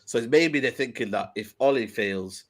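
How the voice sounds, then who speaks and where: A man's voice: medium pitch, moderate pace. A man with a London accent in casual football chat, rambling and often saying "you know what I mean". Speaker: podcast co-host.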